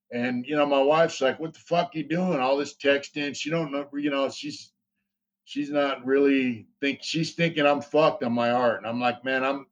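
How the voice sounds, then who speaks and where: Male interview guest, casual storyteller, rambling and profane, dull lo-fi sound. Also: medium pitch. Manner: rambling, profane, many fillers.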